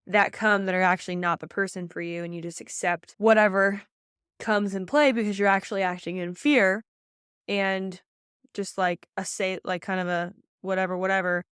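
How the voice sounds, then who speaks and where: Woman in her 30s, podcast coach, emphatic and chatty, smooth clear voice, dry close mic. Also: medium pitch, a bit bright, no room sound. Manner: fast, emphatic, faith-filled coaching with many "like"s and repeats. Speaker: pageant coach and podcast host. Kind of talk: motivational podcast talk.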